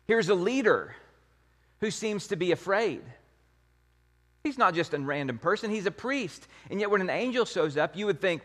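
A man's voice: high-pitched, very animated, unhurried, a bit bright, in a large hall. A man preaching a sermon as pastor, in a conversational, emphatic way with many rhetorical questions.

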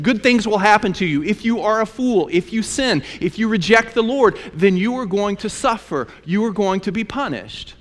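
Male preacher, fairly high voice, emphatic storyteller, long hall reverb. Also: fairly bright tone. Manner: emphatic, repetitive, conversational storytelling. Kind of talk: Bible teaching sermon.

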